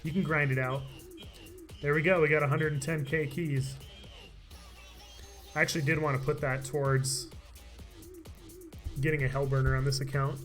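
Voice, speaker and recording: A man's voice: a little high, level tone, moderate pace, long pauses, a bit bright, faint music behind. A man streaming a game live, chatting casually and laughing often, his voice tired from talking all day. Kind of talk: live gameplay commentary.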